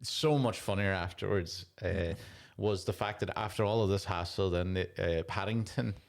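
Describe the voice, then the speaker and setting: Brief: male comic, low voice, profane and animated, casual podcast banter. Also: moderate pace, creaky. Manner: sweary, animated, laughs often. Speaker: podcast co-host, comedian. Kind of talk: casual chat.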